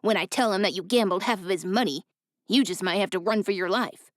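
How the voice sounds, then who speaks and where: Gruff menacing thug, read by a woman. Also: mid-range voice, fairly quick, dry recording, studio quality, natural voice. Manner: menacing, bossy. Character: gruff threatening male bounty thug.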